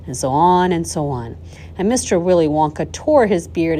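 Woman reader, children's novel, animated, warm mellow tone. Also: fairly low pitch, normal speed. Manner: lively expressive storytelling with small slips. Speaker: audiobook reader. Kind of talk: reading a children's novel aloud.

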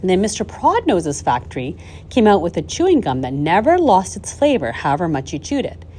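A woman reading a children's novel aloud, expressive, with the odd slip and restart. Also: on the low side, fairly quick, slight background noise. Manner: lively expressive storytelling with small slips. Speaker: audiobook reader.

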